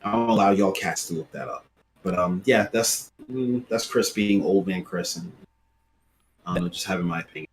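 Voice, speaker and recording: A man in his late thirties from Brooklyn with a New York accent, chatting casually on a podcast and telling animated street stories. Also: low-pitched, normal speed, slight background noise. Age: late 30s. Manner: storytelling, animated, swears casually. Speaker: podcast co-host.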